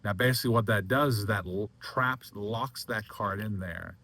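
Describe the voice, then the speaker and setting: A man with a fairly low voice talks through a card trick step by step. His speech is loose and halting, full of fillers and restarts as he handles the deck. It sounds like an informal teaching demonstration. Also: bright, forceful tone. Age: adult. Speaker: magic instructor. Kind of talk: casual demonstration lecture.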